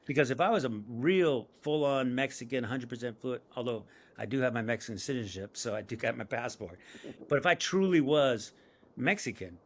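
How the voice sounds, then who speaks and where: A middle-aged man from San Diego tells stories in an interview. He laughs often and slips into quick voices for the people in his tales. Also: medium pitch. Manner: animated storyteller acting out voices, laughs often. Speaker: guest, screenwriter and comedian. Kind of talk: storytelling interview.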